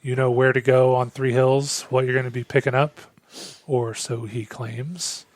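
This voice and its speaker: A man acting as game master, explaining the rules and setting the scene in a relaxed, rambling way. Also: mid-range voice, measured pace. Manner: relaxed, rambling, filler-heavy. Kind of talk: narrating a tabletop game.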